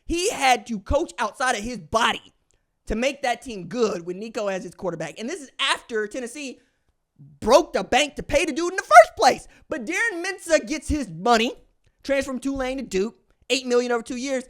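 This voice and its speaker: A man's voice: very high-pitched, moderate pace. A man hosting a solo podcast, talking in an emphatic, slangy way and acting out what other people say. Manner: animated, emphatic, slangy, acts out quoted voices. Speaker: podcast host.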